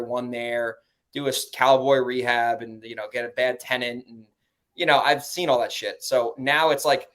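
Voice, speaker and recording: A man with a New York accent talking casually in a podcast conversation about his investing, profane and animated, mimicking other people in high mocking voices. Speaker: real estate investor guest.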